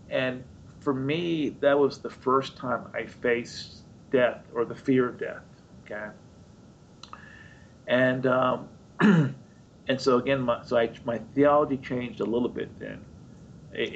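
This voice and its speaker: Man preaching, lively storyteller, jumps up into squeaky voices, dull lo-fi sound, faint rumble behind. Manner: animated storyteller acting out his own voice and others, high squeaky jumps. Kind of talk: sermon storytelling.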